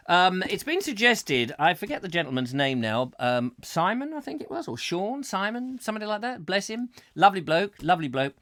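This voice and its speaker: A man's voice: high voice, very animated, normal speed, hardly any pauses, fairly bright tone, no room sound. A man hosting a comic chat show from a home studio, rambling and jokey with theatrical outbursts. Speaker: host. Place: home studio in a back room.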